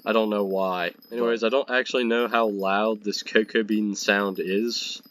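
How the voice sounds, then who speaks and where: A man's voice: lowish voice, fairly even intonation, moderate pace, fairly bright tone. A young man with a stuffy nose from being sick, rambling casually while playing a game. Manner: rambling, chatty, self-mocking. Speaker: gaming video creator.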